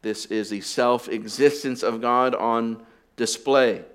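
A pastor preaching a sermon, explaining deliberately and dropping in casual asides to the congregation. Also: male voice, medium pitch, fairly even intonation, fairly bright tone. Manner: deliberate teaching with conversational asides.

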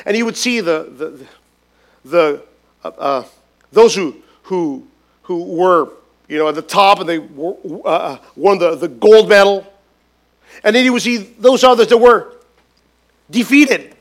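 A man preaching a sermon as a pastor, emphatic and repetitive, swinging between loud stresses and hushed lines. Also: high voice, measured pace. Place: church gathering.

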